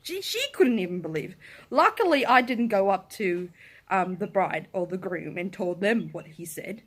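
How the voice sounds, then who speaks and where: Animated young woman ranting to camera. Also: medium pitch, moderate pace, breathy edge. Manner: animated, swears, breaks into laughter, acts out quotes in shouts. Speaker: vlogger. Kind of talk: casual storytelling rant. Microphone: camera in front of her.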